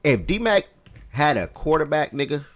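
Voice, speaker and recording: A man hosting a casual fantasy football talk show, animated and profane, swinging between heated outbursts and low mutters. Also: measured pace. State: eating oatmeal while talking. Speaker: podcast host.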